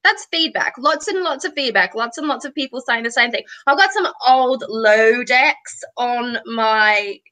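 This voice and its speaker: A woman co-hosting a casual podcast, telling stories in an animated, self-mocking way. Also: fairly high pitch, a little slow, hardly any pauses. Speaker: podcast co-host. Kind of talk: casual chat.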